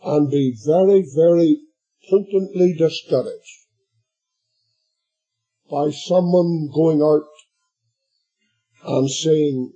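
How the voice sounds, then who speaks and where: A man preaching a sermon, slow and emphatic, addressing his listeners as beloved and swelling to shouts at the climaxes. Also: fairly high pitch, slightly rough, faint music behind, rough recording.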